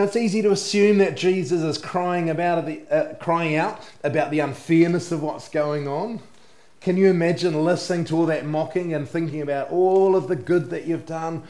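Earnest man preaching in an echoey room. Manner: earnest, drops to soft low tones at phrase ends. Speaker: pastor. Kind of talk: sermon.

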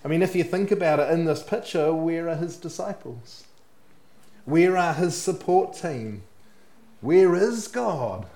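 A man delivers a sermon with earnest conviction, his voice sitting slightly higher than most men's. He lets the ends of his phrases sink low and quiet. The sound is roomy, with a clear echo around him. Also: animated, a little slow. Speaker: pastor.

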